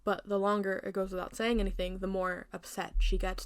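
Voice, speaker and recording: A woman creator retelling her own version of a fairy tale in a chatty, animated way, with playful asides. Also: medium pitch, a little fast, few pauses, clean tone. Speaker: video creator. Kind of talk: casual storytelling commentary.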